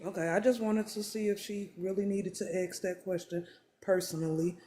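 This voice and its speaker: A woman's voice: mid-range voice, steady tone, dark tone, a little hiss or hum. Woman moderating a live stream, drawn out. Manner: drawn-out, announcing stream goals and thanking viewers.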